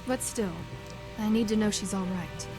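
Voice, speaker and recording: A woman's voice: medium pitch, normal speed, lightly acted, low-quality recording. Woman voicing an earnest, hesitant young woman. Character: young woman worried about her estranged mother. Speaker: game character. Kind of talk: voiced game dialogue. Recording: game audio with loud music. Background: game music.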